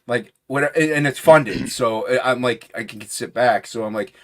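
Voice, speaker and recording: A man's voice: mid-range voice, moderate pace, fairly bright tone. A man chatting casually as a guest on a livestream, rambling and restarting his sentences, often trailing off into a mumble. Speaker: guest comic creator.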